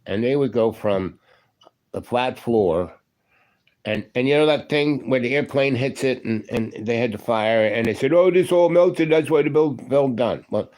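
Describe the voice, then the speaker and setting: An older man in his seventies, once a union electrician, tells a story in a relaxed, wandering way. His voice sits fairly low, and he keeps circling back with "you know" and "right?". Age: 70s. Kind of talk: casual spoken storytelling.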